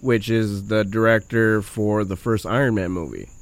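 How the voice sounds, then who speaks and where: A person telling friends about a movie in casual chat, excitable and swearing heavily, laughing and choking up while talking. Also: mid-range voice, moderate pace, no room sound. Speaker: storyteller among friends.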